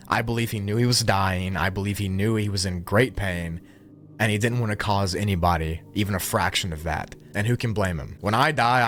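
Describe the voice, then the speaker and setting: Low-voiced man narrating calmly. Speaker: narrator of a true-crime video. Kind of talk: scripted documentary narration.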